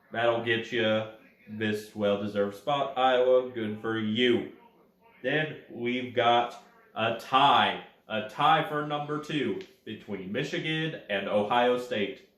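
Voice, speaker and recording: In a roomy-sounding recording, a man presents his personal college football rankings with a fairly bright, medium-pitched voice. It's casual sports talk: he chats freely, addresses the teams head-on, and fixes his own mistakes as he goes.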